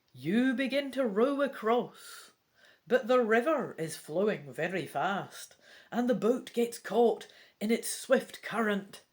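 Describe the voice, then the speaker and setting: Chatty Scottish woman reading a gamebook. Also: fairly high pitch. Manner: chatty and wry, casual swearing. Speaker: gamebook reader. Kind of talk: reading a gamebook aloud with commentary.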